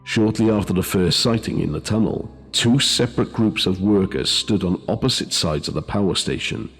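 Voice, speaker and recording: Guy reading a spooky ghost tale, low voice, slow and measured, soft music underneath. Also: slightly rough. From Wales. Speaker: host and narrator. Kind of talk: scripted ghost story narration.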